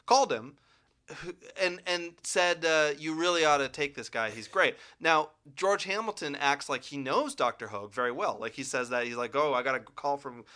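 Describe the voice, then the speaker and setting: Bright-voiced man in casual chat. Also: a little high, normal speed. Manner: animated, acts out characters' lines, frequent "like". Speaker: podcast co-host. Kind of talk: casual movie-review chat. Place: Los Angeles.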